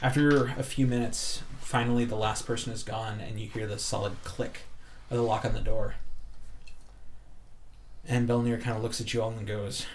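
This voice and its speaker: A man's voice: lowish voice, flat delivery, normal speed. A man narrating a tabletop game as game master, casual with lots of fillers.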